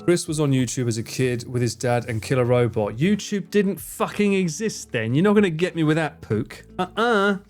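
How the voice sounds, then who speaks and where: A young man live streaming, chatting casually with viewers, swearing freely and acting out his friends' lines in higher voices. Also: lively intonation, normal speed, hardly any pauses, faint music behind. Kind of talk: casual chat answering viewers.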